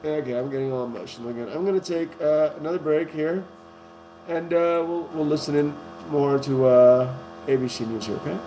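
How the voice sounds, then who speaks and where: A man's voice: a little high, brisk, dark tone. A man hosting his own podcast, talking in a blunt, rambling, casual monologue and swearing freely. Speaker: podcast host. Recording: echoey room with faint hum.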